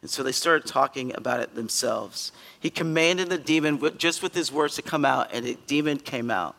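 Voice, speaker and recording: A male pastor giving a conversational sermon in a church, earnest and emphatic, with sudden loud bursts. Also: medium pitch, moderate pace, vocal fry, few pauses, big-room sound. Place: church sanctuary.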